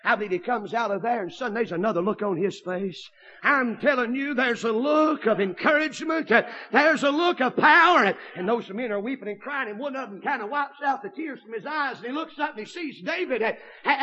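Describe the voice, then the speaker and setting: A man preaching a fiery storytelling sermon, bursting into shouts and exclamations. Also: extremely high pitch, fairly quick, dull audio.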